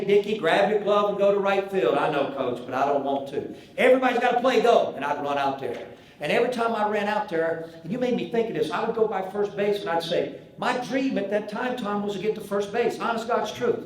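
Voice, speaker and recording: Southern guy in his 60s spinning a funny yarn, highish voice, super echoey hall. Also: a little hiss or hum. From American South. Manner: animated storyteller acting out dialogue. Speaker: banquet speaker, former pitcher. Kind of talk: humorous after-dinner storytelling. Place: large banquet hall.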